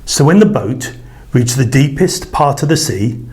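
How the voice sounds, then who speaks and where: Slow, lively man reading a children's story. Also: medium pitch. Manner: expressive, playful, drawn-out.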